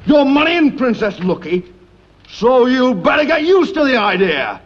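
A man's voice: very high-pitched, sing-song, a little slow, a little hiss or hum, full character voice. An actor playing a domineering older king father, bossy and impatient, from lo-fi film audio. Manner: bossy, impatient, keeps calling his son lad. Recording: dull old film audio with faint music.

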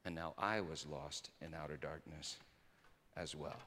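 A man preaching a sermon through personal stories, swinging between loud emphasis and hushed quiet. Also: very deep voice, steady tone, unhurried. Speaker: pastor. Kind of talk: storytelling sermon. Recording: reverberant hall.

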